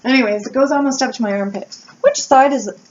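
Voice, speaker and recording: Candid, animated woman. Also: high voice, fast. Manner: candid, animated storytelling with swearing and laughs. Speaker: wax-melt YouTuber and blogger. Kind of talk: casual chat to camera. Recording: slightly dull home recording with faint background noise.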